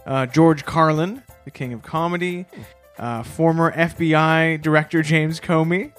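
Man, podcast co-host, dry deadpan delivery of mock-serious shout-outs, faint music underneath. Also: on the high side, a little slow. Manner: deadpan mock-earnest tributes. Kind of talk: casual comedic chat.

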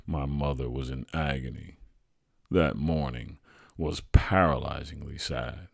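A man hosting a podcast, reading a true family story aloud in an expressive, animated way. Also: extremely low pitch, a little slow, gravelly, no room sound, studio quality. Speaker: podcast host and narrator.

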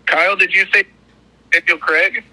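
A man's voice: sits high, steady tone, moderate pace, sharp tone, poor audio. A man calling into a podcast, goofy and teasing in casual chat. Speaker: caller.

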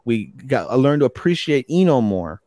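A man co-hosting a podcast in casual chat, excitable, swearing freely and filling with ums. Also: medium pitch, normal speed, dry recording, clean studio sound. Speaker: podcast co-host.

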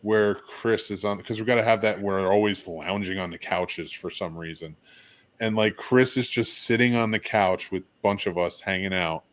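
Laid-back low-voiced man joking. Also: normal speed, a bit bright. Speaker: podcast host. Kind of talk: casual chat.

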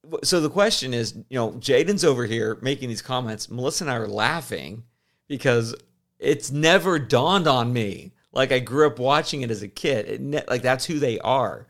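A middle-of-the-road male voice, neither high nor low, from a man in his forties who co-hosts a podcast. He rambles through casual chat, restarting his sentences and breaking into easy laughs. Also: lively intonation, normal speed, fairly bright tone. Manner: rambling, self-interrupting, laughs easily. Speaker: podcast co-host.

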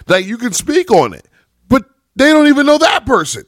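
A man's voice: high voice, very animated, fairly quick, no echo, clean studio sound. A man on a casual podcast panel, ranting heatedly and emphatically, with frequent cursing.

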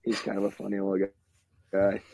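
A man's voice: sits low, completely flat delivery, a little fast, vocal fry, dark tone, no echo. A young man from Minnesota, a hockey goalie, talking in a laid-back casual way as a podcast guest, full of "like" and "you know". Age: young adult.

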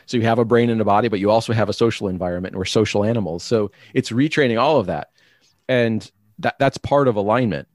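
Man, interview guest, low-pitched, reflective, restarts sentences, dry close recording. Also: quick pace, no echo. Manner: reflective, explanatory, frequent restarts. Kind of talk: conversational interview.

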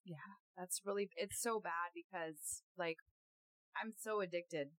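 Young woman, podcast host; animated, giggly storyteller, lower voice, dry close mic. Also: a little slow, no room sound. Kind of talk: casual podcast chat.

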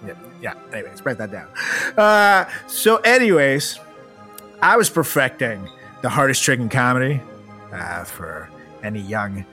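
A man's voice: mid-range voice, very animated, a little slow, pushed and bright, soft background music. A young man hosting a comedy podcast, telling a funny personal story in a profane, laughing, playful way.

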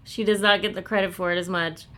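A woman co-hosting a podcast in casual, giggly chat. Her tone is bright and forward, and she sits at a mid pitch. She breaks into mocking impressions as she talks. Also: fairly even intonation, fast talker. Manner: laughs often, does mocking quote voices. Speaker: podcast co-host.

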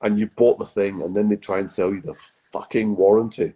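Man, middle-aged, warm dark tone, chatty rambling podcast guest. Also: fairly low pitch, fairly even intonation, fairly quick, breathy edge, poor audio. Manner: chatty, rambling anecdotes with many restarts. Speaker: guest, comedy writer and actor. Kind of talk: casual podcast interview.

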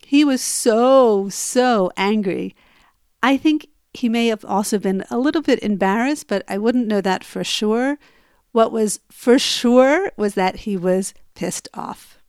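Lady telling a story from her own life, kinda high voice, talks plain then gets heated, super dry close sound. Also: slow pace, darkish tone, smooth, no echo. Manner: conversational, emphatic when reliving arguments. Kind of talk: personal storytelling.

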